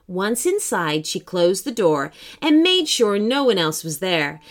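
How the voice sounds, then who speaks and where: A woman reading a children's story aloud in an expressive, animated way. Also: mid-range voice, measured pace.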